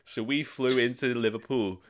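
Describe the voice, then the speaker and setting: A man's voice: steady tone, moderate pace. A young man telling crude stories in casual chat, swearing freely. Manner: swears freely, laughs while telling stories, mimics voices in sudden high bursts.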